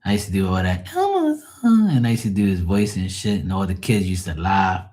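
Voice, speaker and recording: A man with a deep, husky voice chatting loosely on a live stream. He tells rambling stories full of swearing and chuckles, with a rough, breathy edge to his speech. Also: flat delivery, fast, a little mellow. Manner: profane, storytelling, chuckling. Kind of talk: casual rambling chat.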